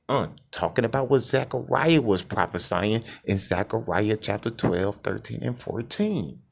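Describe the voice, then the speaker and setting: A low-voiced preacher with swooping pitch. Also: male voice, creaky, slightly rough. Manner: calls out "families", asks call-and-response questions. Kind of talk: scripture reading and preaching.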